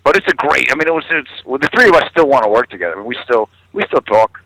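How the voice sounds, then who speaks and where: A man's voice: quick pace, dry recording, rough recording. A man, a comedian telling stories as a guest on a talk show and swearing freely. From New York. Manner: animated storyteller, swears freely, acts out others in high-pitched voices. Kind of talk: casual interview chat.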